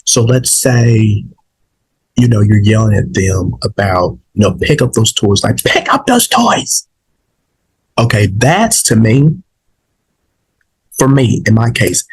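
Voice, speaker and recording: A man's voice: fairly low pitch, expressive, unhurried, husky, rough recording. A man, a little sick and saving his voice, talking casually to his viewers in a rambling way, with many fillers and restarts. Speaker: vlog host. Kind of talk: casual opinion talk to viewers.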